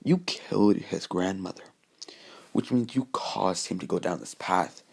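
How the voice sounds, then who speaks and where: A cold, self-assured, ageless young man taunts his enemy in a storybook retelling, as a man puts him on. The delivery is loose and halting, with a gravelly edge and a slightly low voice. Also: lively intonation, darkish tone, heavily acted. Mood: taunting. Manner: loose, halting quoted dialogue.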